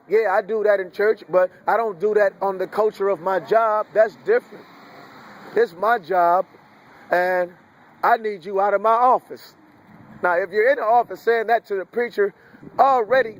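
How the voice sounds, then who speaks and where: Man, high voice, rambling preachy monologue, coarse and wandering. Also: slight background noise. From United States.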